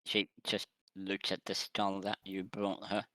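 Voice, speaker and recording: A man runs a tabletop game at an unhurried, drawn-out pace. His voice is bright and forward, with a close, dry sound and no room around it. He describes the action with the odd laugh. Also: low voice, monotone, dry recording, rough recording. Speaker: game master.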